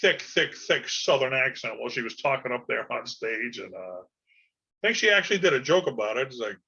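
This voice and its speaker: A man hosts a podcast solo, with a bright, forceful voice at an ordinary pitch. He talks in a loose, folksy ramble full of "uh" and "you know". The sound is a bit muffled and lo-fi. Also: expressive, moderate pace, slightly rough. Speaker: podcast host. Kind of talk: casual solo podcast monologue.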